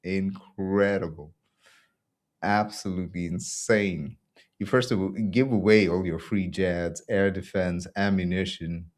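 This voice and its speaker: A man's voice: deep voice, fairly even intonation, measured pace. A man from Belgium hosting a casual opinion show, ranting sarcastically and laughing often. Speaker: podcast host.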